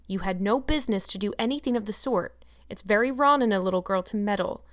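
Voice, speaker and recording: A woman's voice: medium pitch, fast talker, close to an everyday voice. A woman reading aloud and voicing a stern, strict older spinster in a storybook. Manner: stern, sharp.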